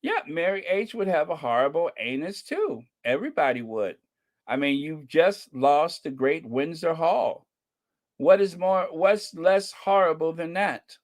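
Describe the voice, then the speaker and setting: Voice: mid-range voice, expressive, a little slow. An American channel host giving casual commentary with a sarcastic, rambling, mocking manner. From United States.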